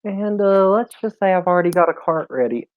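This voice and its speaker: A man's voice: high-pitched, lively intonation, fairly quick, no echo. A man narrating as game master in a casual, hesitant way with many fillers, heard over an online call. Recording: tinny phone-like line, dry.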